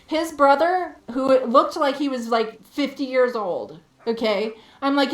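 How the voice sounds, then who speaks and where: A woman streamer telling a story in a heated, profane, animated rant. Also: high voice, a little slow, few pauses, roomy sound. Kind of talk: casual ranting storytelling.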